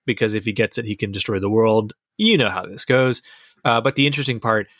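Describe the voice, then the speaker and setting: A man's voice: lowish voice, fairly bright tone, no room sound, clean studio sound. A man chatting casually as a podcast co-host, enthusiastic and rambling as he reviews a TV series. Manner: enthusiastic, rambling, restarts sentences.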